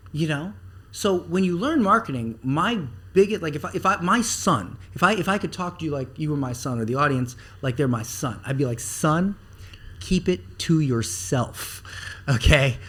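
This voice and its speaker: A man talking as a podcast guest about marketing, animated and blunt, with some swearing, acting out the things people say. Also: a little high, husky. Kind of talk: casual podcast interview.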